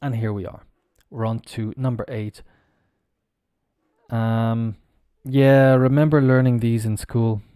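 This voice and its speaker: A man from Ireland teaching English on a live stream, who spells words out slowly letter by letter and explains how they are pronounced. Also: medium pitch, steady tone, warm tone, clean tone, no echo, clean studio sound. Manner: explains pronunciation while working on screen.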